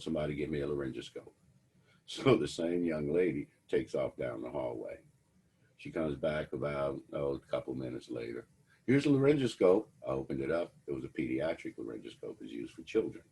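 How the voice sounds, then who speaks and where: Very deep-voiced man lecturing. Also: moderate pace, vocal fry, darkish tone, breathy edge. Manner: wry, conversational storytelling to students. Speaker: instructor. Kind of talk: lecture with personal anecdotes.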